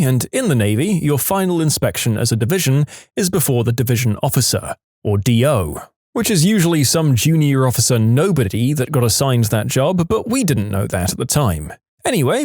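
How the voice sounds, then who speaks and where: A man's voice: dry recording, clean studio sound. A man reading listener stories aloud as scripted narration, lifting his voice for quoted characters. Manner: animated, jumps pitch for quoted voices.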